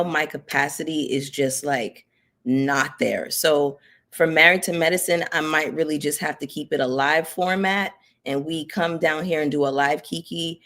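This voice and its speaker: A woman's voice: low voice, fairly bright tone. A young woman who runs a reality TV commentary channel, chatting casually and heartfelt to her audience with lots of filler words. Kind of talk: casual direct-to-camera chat.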